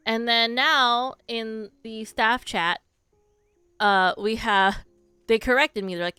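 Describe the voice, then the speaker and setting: A woman's voice: a little high, slow, sharp tone, clean tone, no echo, faint music behind. A young woman chatting to her stream viewers while gaming, telling a story with lots of fillers and restarts.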